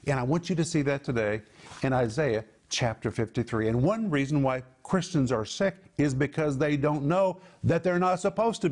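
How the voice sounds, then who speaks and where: A man's voice: mid-range voice, a little mellow. A middle-aged man preaching a sermon, emphatic and repeating words for stress. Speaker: pastor.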